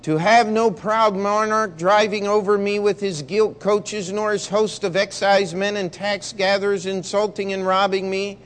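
A man's voice: sits high, steady tone, moderate pace, hardly any pauses, pitched above the performer's own voice, close to an everyday voice. A man voicing a proud, earnest patriot general in a read-aloud story, speaking eloquently.

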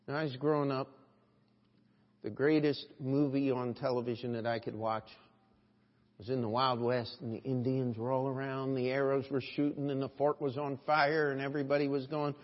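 With a flat delivery at normal speed, a male pastor presses his congregation with one rhetorical question after another in an earnest sermon. His voice sits mid-range and moves between soft and loud passages, captured in a dull recording with long hall reverb.

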